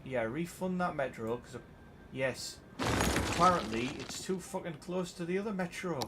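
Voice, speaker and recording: A man's voice: a little high, expressive, normal speed, background noise. A man with a Geordie accent giving live commentary as he plays a city-building game, swearing constantly and sounding exasperated. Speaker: game streamer.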